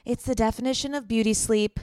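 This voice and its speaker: A woman's voice: on the high side, fairly even intonation, a little fast, a little mellow, clean tone, no room sound. A young woman co-hosting a podcast in casual chat, playful and teasing, full of enthusiasm. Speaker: podcast co-host.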